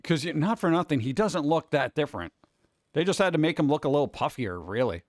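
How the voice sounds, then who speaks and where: Rambling, jokey male streamer, slightly high. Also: big pitch swings, a little fast, no room sound, clean studio sound. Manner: rambling, jokey, jumps between topics. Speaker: cartoon creator and streamer host. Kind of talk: casual chat with a live chat audience.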